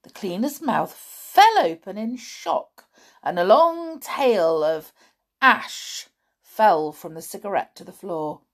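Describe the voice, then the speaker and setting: Brief: woman storyteller, dramatic children's book reading, very lively pitch. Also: slow pace. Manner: expressive, dramatic.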